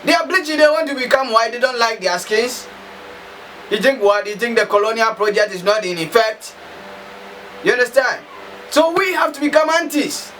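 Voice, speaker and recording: A man's voice: very high voice, lively intonation, normal speed, sharp tone. A man from Africa delivering an impassioned, emphatic monologue full of repetition and rhetorical questions. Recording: slightly distant mic, faint background noise.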